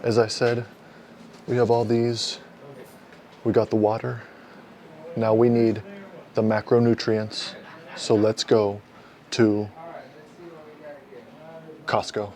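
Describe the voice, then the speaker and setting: A man's voice: lowish voice, completely flat delivery, takes it slowly, pauses often, dark tone. A young man talking casually to camera for a fitness vlog, playful and self-mocking, partly from inside a car. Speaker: fitness vlogger.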